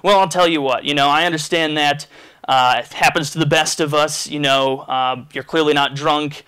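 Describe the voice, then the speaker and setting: A man's voice: on the high side, steady tone, moderate pace, bright, forceful tone, clean tone. A man voicing a stern, smirking male police officer who talks in a folksy drawl. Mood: stern, amused.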